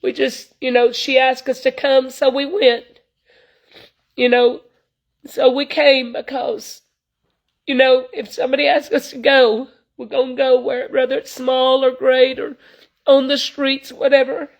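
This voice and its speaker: A woman's voice: sits high, little pitch movement, a little slow, poor audio. A woman, preaching informally to online viewers in an earnest, folksy way, full of "you know". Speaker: traveling evangelist.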